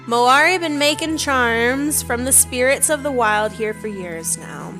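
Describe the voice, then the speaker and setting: A woman's voice: on the high side, unhurried, sharp tone, voice pushed up. Woman reading as a female troll witch doctor. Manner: read aloud in her own plain voice, no accent. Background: game music.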